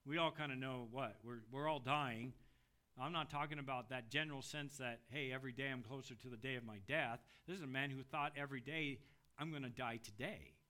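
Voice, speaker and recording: A middle-aged man preaching an expository sermon, dramatic, moving between loud pleading passages and hushed, low readings. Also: brisk.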